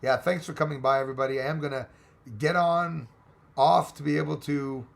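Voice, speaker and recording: Gravelly Texan man chatting with viewers. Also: fairly high pitch, a little fast. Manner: chatty, rambling, excitable. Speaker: livestream host reading chat. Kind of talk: casual live chat.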